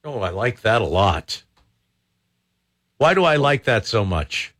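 A man's voice: lowish voice, big pitch swings, unhurried, fairly bright tone. A man hosts a radio talk show, chatting loosely and tossing off sarcastic asides. He sits close to a studio microphone and keeps the commentary casual.

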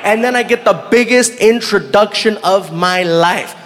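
A male stand-up comedian telling a story live on a theater stage, animated, shouting punchlines and laughing along. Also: high voice, measured pace. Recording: live hall with crowd noise.

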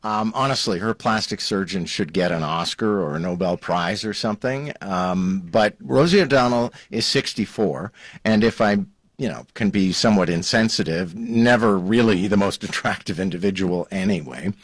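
Brief: male radio entertainment reporter, lower voice, lively gossipy delivery, dry studio mic. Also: moderate pace, no echo. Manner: lively, chatty, laughing gossip. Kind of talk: radio chat.

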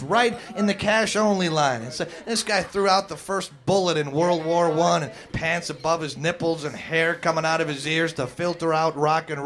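A man's voice: fairly high pitch, fairly bright tone. A man doing stand-up on a stage mic, quizzing the crowd and teasing them brashly. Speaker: stand-up comedian. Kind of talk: stand-up routine with crowd work.

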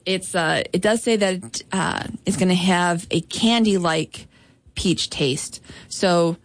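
A woman's voice: fairly low pitch, slow pace. A woman co-hosting a morning radio show, talking casually and teasing her partner with a playful manner. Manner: playful, teasing, frequent ums. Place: radio studio.

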